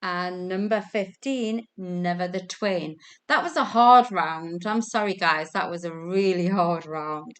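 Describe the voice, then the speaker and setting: A woman's voice: on the low side, a little slow, fairly bright tone. A woman hosting a casual online quiz over a video call from home, chatty, giggly and self-deprecating. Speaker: quiz host.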